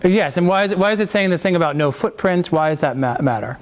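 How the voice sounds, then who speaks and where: A man teaching a voice-over class, coaching students with halting, encouraging talk and many restarts. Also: high voice, animated. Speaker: voice-over workshop instructor.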